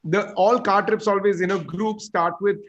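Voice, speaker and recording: A man chatting casually on a comedy talk show, telling travel stories in quick animated bursts. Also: sits high, lo-fi sound. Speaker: comedian guest. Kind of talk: casual chat.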